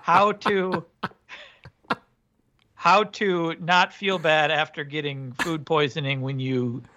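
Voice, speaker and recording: Deadpan teasing podcast guy, higher bright voice, muffled lo-fi sound. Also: takes it slowly, a little hiss or hum. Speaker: podcast co-host. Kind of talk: casual comedy chat.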